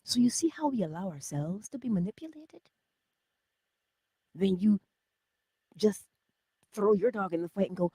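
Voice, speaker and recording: A middle-aged woman hosting a spiritual self-help livestream, talking casually and animatedly, jumping from loud exclamations to whispers. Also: mid-range voice, very animated, normal speed, long pauses, breathy edge, no room sound. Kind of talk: casual motivational talk.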